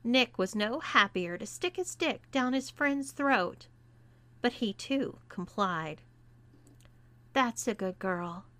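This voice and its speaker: A woman reading a scripted story aloud as narrator, in a deliberate manner. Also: fairly high pitch, animated, bright, forceful tone, no room sound. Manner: slow and deliberate. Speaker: erotica reader.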